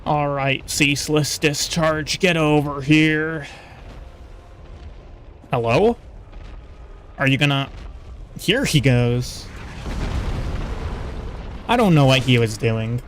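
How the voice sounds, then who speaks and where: A man's voice: fairly high pitch, takes it slowly, pauses often, fairly bright tone, a little hiss or hum. A man streaming a video game, rambling casually and poking fun at himself while chatting with viewers. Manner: rambling, self-deprecating, chatty with stream chat. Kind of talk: casual gaming commentary.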